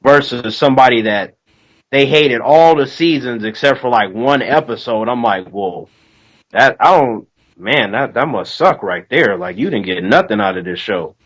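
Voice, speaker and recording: A co-host with a mid-range voice chats casually at a moderate pace about a TV show, in a rough recording. He tells stories animatedly, loudly acting out the voices of the people in them.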